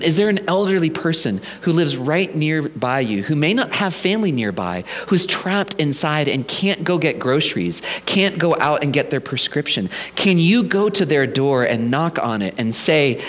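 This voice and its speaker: A man's voice: on the high side, big pitch swings, moderate pace. A male pastor preaching a sermon in a conversational, storytelling way, with humorous asides.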